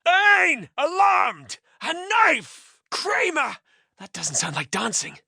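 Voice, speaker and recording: A man voicing a sharp, skeptical woman friend in a high falsetto with exclamatory lines. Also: sing-song, normal speed, dry recording, clean studio sound, exaggerated voice. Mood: incredulous.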